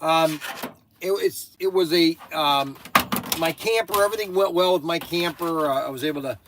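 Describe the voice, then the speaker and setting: A man's voice: a little high, normal speed, noisy background. An older man hosting a casual chat, rambling and going off on tangents, sounding tired. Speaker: host.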